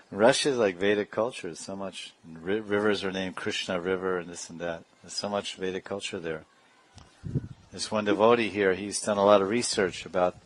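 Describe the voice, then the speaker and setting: A man's voice: deep voice, low-quality recording. A man giving a sermon as a spiritual teacher, telling stories and now and then imitating other people's speech playfully. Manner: storytelling with playful imitations and laughs.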